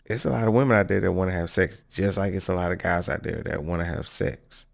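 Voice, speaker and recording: A man's voice: sits low, fast, creaky. A man hosting a podcast, giving casual, candid commentary on clips and breaking into laughs between his points. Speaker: podcast host reacting to clips.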